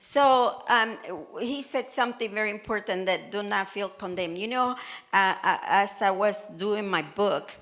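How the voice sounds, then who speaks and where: A woman pastor preaching a sermon in earnest, animated style, acting out quotes from everyday life. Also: mid-range voice, unhurried. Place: church hall in Malta. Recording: church service.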